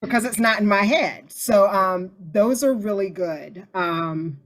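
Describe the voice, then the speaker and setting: A woman hosting a casual group discussion, chatty and animated as she tells stories. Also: mid-range voice, slow pace, slight background noise.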